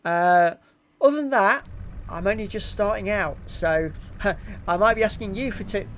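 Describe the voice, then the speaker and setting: A man's voice: high voice, measured pace, fairly bright tone. A middle-aged English man chatting casually on a live stream, reading out viewer comments with frequent ums and uhs. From England.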